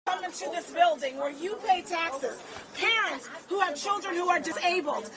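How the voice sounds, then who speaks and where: A woman speaking as a lawmaker outside a government building, indignant and forceful. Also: very high voice, normal speed. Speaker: member of Congress. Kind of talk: protest speech. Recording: crowd noise outdoors.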